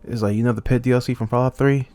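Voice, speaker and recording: A man's voice: medium pitch, racing, no echo, soft background music. A young man vents in an unscripted commentary rant, his voice climbing into angry outbursts and then settling back down. His mid-range voice sits close to the mic in a dry, dead room. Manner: heated, swinging between angry outbursts and calm. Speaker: YouTuber. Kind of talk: ranting commentary.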